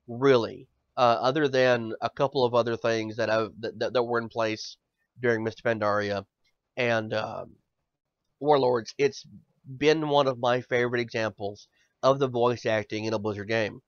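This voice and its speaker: A man's voice: mid-range voice, no room sound. A male podcast host ranting in casual chat, swearing often and stammering over repeated words. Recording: dull dry lo-fi audio.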